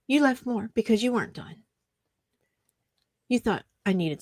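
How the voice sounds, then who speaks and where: A woman's voice: a little high, lively intonation, unhurried, long pauses, darkish tone, no room sound, studio quality. Sarcastic, indignant woman YouTuber. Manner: sarcastic, mocking. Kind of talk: ranting reply to commenters.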